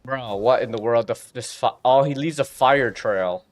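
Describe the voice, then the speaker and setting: A man streaming gameplay, reacting out loud with quick exclamations as he plays. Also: mid-range voice. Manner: excitable, exclaiming at the game. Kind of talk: live gameplay commentary.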